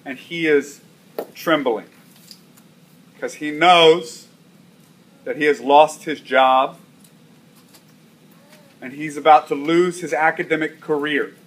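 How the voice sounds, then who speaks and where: A man's voice: fairly high pitch, fairly even intonation, takes it slowly, pauses often. A man preaching a sermon, telling a story and repeating key lines for emphasis. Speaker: pastor.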